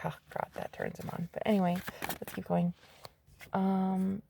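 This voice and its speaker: A woman giving a casual tarot reading to her viewers, excitable and swearing freely, swinging from hushed asides to loud exclamations. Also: medium pitch, a little slow, vocal fry. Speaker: psychic medium and tarot reader.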